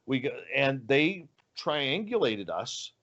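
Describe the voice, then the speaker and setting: A man's voice: medium pitch, big pitch swings, slow, a bit bright, highs cut off. A man telling a story as a guest in an interview, acting out the dialogue with animation. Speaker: guest, radio show host.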